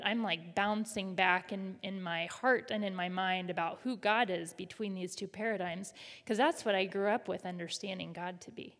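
A woman pastor preaching a sermon in a conversational way, leading the congregation in call and response. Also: medium pitch. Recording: reverberant hall.

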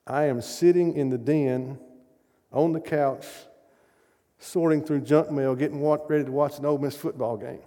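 A middle-aged man preaching a storytelling sermon, animated and acting out the voices of the people in his stories. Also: mid-range voice. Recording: long hall reverb.

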